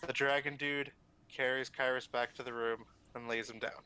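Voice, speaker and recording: Bright-voiced male game master. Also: mid-range voice, flat delivery, moderate pace, clear, resonant tone, low-quality recording. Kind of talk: narrating a tabletop game.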